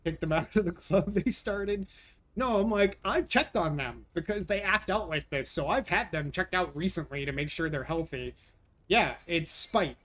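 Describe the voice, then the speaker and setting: A young man chatting casually on a live stream, his voice sitting a bit high for a man. He vents with exasperation and frequent swearing while answering his viewers' comments. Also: animated, normal speed, a bit bright.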